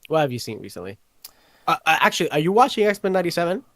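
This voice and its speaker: Animated, playful man on a podcast. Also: a little high, racing, dry recording. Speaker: podcast co-host. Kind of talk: casual podcast banter.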